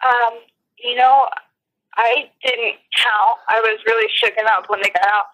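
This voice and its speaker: A woman eyewitness recounting events in a phone interview, shaken and near tears, with halting speech full of restarts. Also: fairly high pitch, steady tone, a bit bright, rough recording.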